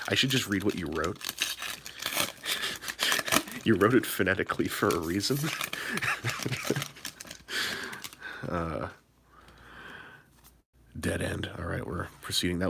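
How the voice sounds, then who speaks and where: Late at night on a live stream from a hotel room, a man opens card packs and rambles in a low-key way, keeping his excitement restrained. He talks fast in a gravelly voice over a noisy background.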